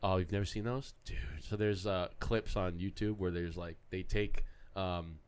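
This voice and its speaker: Animated, swearing male co-host. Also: low voice, moderate pace, clear, resonant tone. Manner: animated storyteller, swears freely, acts out quotes. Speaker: podcast co-host. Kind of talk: casual chat.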